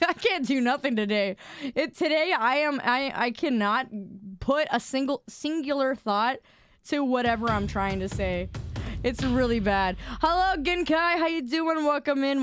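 Young female streamer, smooth clear voice, self-mocking rambler. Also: on the high side, no room sound. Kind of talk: casual live-stream chat.

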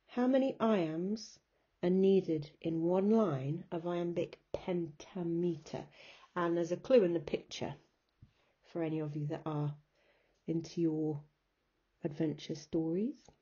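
A woman's voice: fairly low pitch, mellow, husky, highs cut off. A woman teacher giving a recorded remote lesson, patiently explaining step by step and chanting rhythms aloud. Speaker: English teacher.

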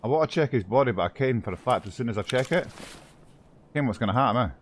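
A man in casual voice chat during a shooter game, excitable, swearing a lot and calling out to his squad over a headset mic. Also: medium pitch, quick pace, a little hiss or hum. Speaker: squad player.

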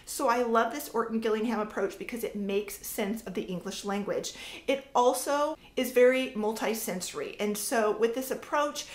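A woman's voice: on the high side, moderate pace, roomy sound. A woman in her thirties, a homeschooling mother, casually explaining how to teach reading with sounded-out examples. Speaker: homeschool mom and educator. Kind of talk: casual teaching talk to camera.

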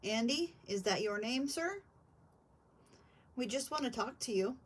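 Give me a husky woman questioning spirits patiently. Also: fairly high pitch, lively intonation. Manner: slow, patient, coaxing questions. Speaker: paranormal investigator. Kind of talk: questioning spirits in a ghost hunt. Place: house basement.

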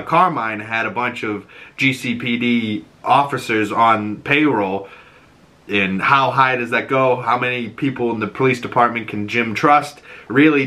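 A man hosting a podcast, recapping a TV episode in a casual, animated way, laughing and swearing often. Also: mid-range voice. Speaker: podcast host.

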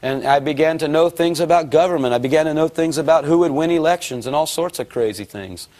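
A middle-aged man preaching, telling his conversion story in an animated way and acting out the voices he quotes. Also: fairly high pitch, fast talker. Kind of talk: sermon testimony.

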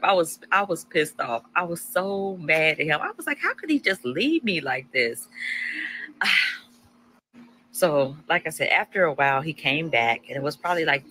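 A woman's voice: low voice, sharp tone, a little hiss or hum, low-quality recording. A woman telling a personal story casually, acting out her own past lines with animation.

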